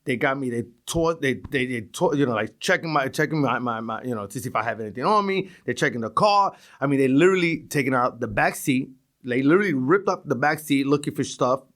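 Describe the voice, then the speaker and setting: A middle-aged man from East New York, Brooklyn, with a New York accent and a medium-pitched voice, talks fast as a guest on a podcast. He tells casual stories in an animated way, swearing and acting out the voices of the people in them.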